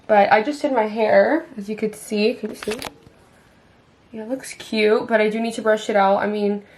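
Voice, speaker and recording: A woman's voice: on the high side, darkish tone. A woman in her twenties chatting casually to her camera at home, bubbly and full of fillers. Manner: chatty, bubbly, heavy use of "like". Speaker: vlogger. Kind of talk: casual vlog chat. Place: at home, indoors.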